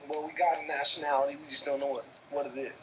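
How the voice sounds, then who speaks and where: A man's voice: a little high, little pitch movement, quick pace, muffled recording, slight background noise. A man with a Brooklyn New York accent, teasing and wisecracking in casual banter with his brother as co-host. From New York inner city.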